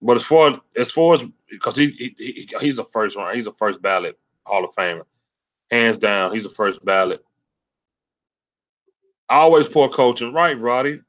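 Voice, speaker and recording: A man hosting a sports livestream, ranting angrily and cursing, swinging between loud rants and low mutters. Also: animated, moderate pace, lo-fi sound. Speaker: sports channel host. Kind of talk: profane livestream sports rant.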